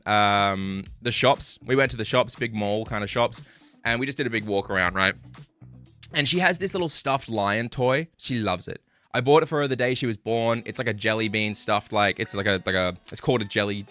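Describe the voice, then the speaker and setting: Young male streamer, lively, bright voice, casual storyteller who swears. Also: mid-range voice. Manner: animated, swearing, laughing while telling stories. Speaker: livestreamer.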